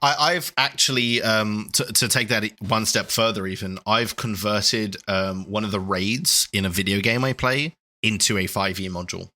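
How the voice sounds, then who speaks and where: A man in his thirties co-hosting a podcast in casual chat, laughing often and talking excitably. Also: on the low side, moderate pace, hardly any pauses. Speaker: podcast co-host.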